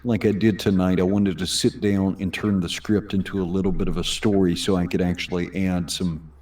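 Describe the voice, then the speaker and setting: A man's voice: low-pitched, level tone, brisk, a little mellow, far from the mic. A man co-hosting a casual stream, enthusiastic and promotional, often restarting his sentences. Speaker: stream co-host reading chat.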